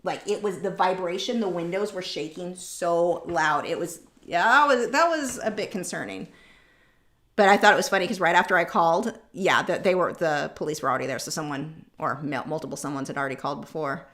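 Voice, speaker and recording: A woman's voice: lowish voice, a little fast, fairly bright tone. A woman hosting a casual art livestream, rambling chattily and reading out viewer comments. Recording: roomy echoey room.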